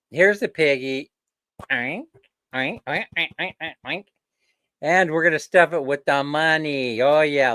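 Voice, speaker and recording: A man's voice: on the high side, sharp tone, clear, resonant tone, no echo. A man hosting a casual live stream, rambling and joking, chuckling often. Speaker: livestream host.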